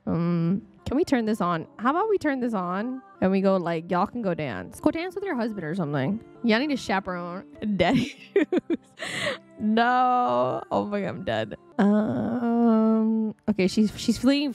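Lively, giggly woman narrating her game. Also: fairly high pitch, a little slow, soft background music. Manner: chatty, giggly, reacts out loud to the game. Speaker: gaming channel host. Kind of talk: casual let's-play commentary. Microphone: desk microphone.

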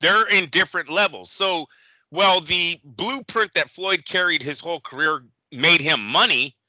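A man's voice: on the high side, moderate pace, pushed and bright, no echo, low-quality recording. A man co-hosting a boxing chat show, ranting with lots of swearing and mocking others in put-on voices. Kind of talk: casual podcast chat.

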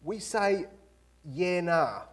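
A man's voice: high voice, animated, very slow. An Australian man giving a humorous guest lecture in a university auditorium, acting out little scenes with mock dialogue. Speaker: guest speaker.

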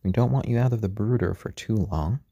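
A tired man hosting a casual live stream from home, talking gently and unhurriedly, often cooing to a chick. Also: fairly low pitch, a little fast, slightly rough, no room sound, studio quality. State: tired after a long workday. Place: at home, indoors.

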